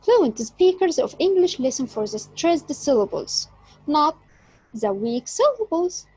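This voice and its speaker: A woman teaching an English lesson, speaking deliberately and stressing key words. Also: high voice, very animated, mellow, poor audio. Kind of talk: slow explanatory lesson.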